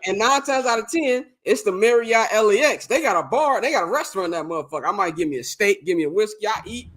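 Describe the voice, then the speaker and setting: A young man with a high, bright and forceful voice spins a rowdy, profane story on a casual podcast. He talks in an animated way and keeps laughing between the lines. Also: fast. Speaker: podcast co-host.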